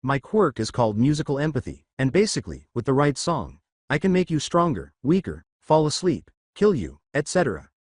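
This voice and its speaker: A man's voice: medium pitch, very animated, brisk, few pauses, breathy edge, dry recording. A man voicing a laid-back, sardonic young American man with an offhand manner. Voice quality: dry, offhand.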